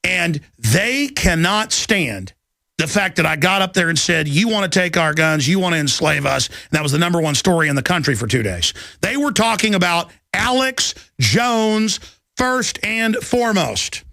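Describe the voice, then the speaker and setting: A man's voice: high-pitched, sing-song, normal speed, vocal fry, no echo. A man in his thirties hosting a talk radio show, ranting with passion and mocking his opponents in put-on voices. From Texas. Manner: loud, impassioned, mocking impressions. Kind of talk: ranting political radio monologue.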